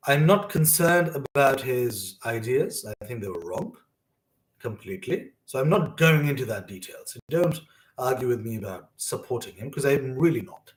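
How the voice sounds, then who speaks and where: A man's voice: medium pitch, reverberant, poor audio. A young man hosting a personal monologue, telling earnest, emotional stories about his upbringing. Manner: earnest, emotional storytelling with quoted asides. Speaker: host.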